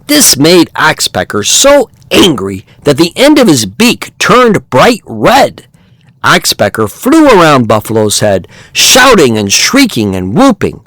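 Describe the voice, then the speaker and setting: Podcast host, man, slow storybook narration, very animated, dry close mic. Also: fairly high pitch, dry recording. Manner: slow and expressive.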